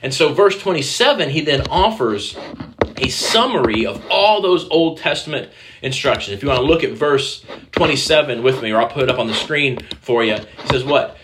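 A man's voice: medium pitch, expressive, moderate pace, noisy background. A man preaching a conversational sermon, speaking directly to the children in the congregation and acting out quoted voices. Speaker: pastor.

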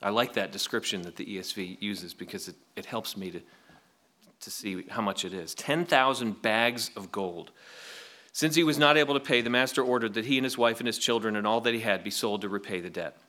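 A man's voice: lowish voice, fast, sharp tone. A man preaching a sermon, reading scripture aloud and asking the congregation rhetorical questions in a conversational way. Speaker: pastor.

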